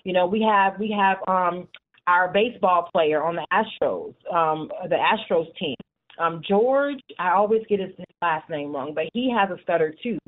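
A woman in her forties who leads a support group, talking in a casual interview and telling stories in an animated way with frequent "you know". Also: lowish voice, moderate pace. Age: 40s. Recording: tinny phone line.

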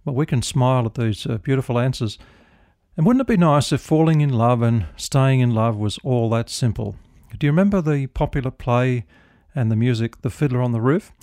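Casting note: middle-aged minister, gentle storytelling, dry studio sound. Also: male voice, mid-range voice, animated, a little fast, dry recording. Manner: gentle storytelling, prayerful close. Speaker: devotional host, minister. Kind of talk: radio devotional talk.

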